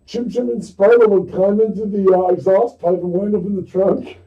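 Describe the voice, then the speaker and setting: A man co-hosting an online radio show in casual chat, dry and quick with trivia and jabs. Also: high-pitched, steady tone. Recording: tinny distant phone-like line.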